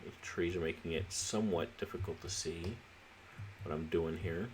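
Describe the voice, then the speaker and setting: A man's voice: low-pitched, steady tone, moderate pace, background noise. A man hosting a city-building let's play, talking casually and thinking aloud with frequent restarts, a little sleepy. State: sleepy, yawning. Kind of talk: casual gameplay commentary.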